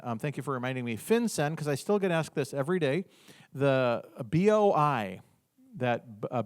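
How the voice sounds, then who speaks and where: A man giving an informal business workshop talk, animated, acting out little dialogues with the audience. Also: mid-range voice.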